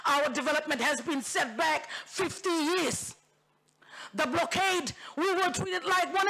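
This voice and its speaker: A woman's voice: high voice, animated, normal speed, creaky, fairly bright tone. A woman with a Papua New Guinean accent, a member of parliament, gives a fiery, repetitive, rallying speech in the parliament chamber. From Bougainville, Papua New Guinea.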